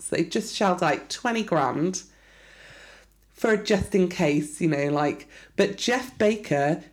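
A woman's voice: sits low, gravelly, a little mellow. A woman co-hosting a podcast, chatting casually with a laid-back manner and lots of fillers. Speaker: podcast co-host. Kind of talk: casual chat.

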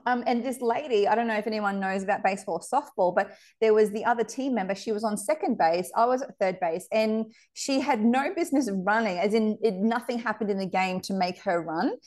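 An Australian woman telling stories in a casual interview chat, animated and laughing often, with excited squeals. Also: mid-range voice, fairly quick, few pauses. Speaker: psychic medium and shop owner, podcast guest.

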